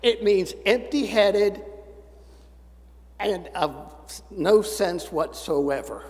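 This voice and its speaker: A man's voice: high voice, expressive, very slow, darkish tone. A man in his seventies preaching a sermon, folksy and storytelling with dry humor. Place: church sanctuary. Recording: church sanctuary with long reverb.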